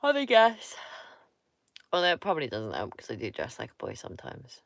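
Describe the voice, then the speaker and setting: A woman's voice: rumbling low, very animated, fast talker, gravelly, a bit bright, dry recording, studio quality. A woman from Somerset, chatting casually with viewers on a livestream, blunt and teasing and swearing freely. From Somerset, England. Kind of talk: casual live-stream chat with viewers.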